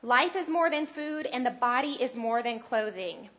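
A woman's voice: a little high, expressive, moderate pace, fairly bright tone, lo-fi sound. A woman preaching a sermon, earnest and conversational, lifting her voice to press her points. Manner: earnest and conversational, rising with emphasis.

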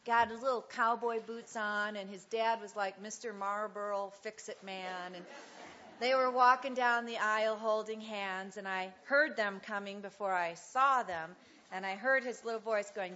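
A middle-aged woman speaking at a church women's gathering, telling a story with animation and then praying gently. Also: mid-range voice, moderate pace, dull audio. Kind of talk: devotional talk and prayer.

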